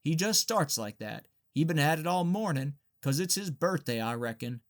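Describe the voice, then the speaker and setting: A man's voice: fairly high pitch, animated, moderate pace, natural voice. A man voicing Luster, a restless, bossy Southern teenage boy with a drawling, scolding way of talking, in an audiobook reading.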